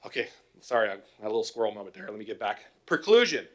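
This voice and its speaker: A man's voice: fairly low pitch, very animated, fast. A middle-aged man, a police officer, giving an informal talk to a council with stories and rhetorical questions. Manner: conversational, acts out both sides of calls, rhetorical questions. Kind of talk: informal presentation with anecdotes.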